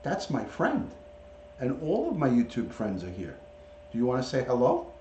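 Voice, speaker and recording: During a casual livestream, a man greets viewers by name and baby-talks his pet in a warm, mid-range voice with huge pitch swings and a moderate pace. The roomy, dull lo-fi sound comes from a camera or device mic, not a clip-on, and carries a little hiss or hum.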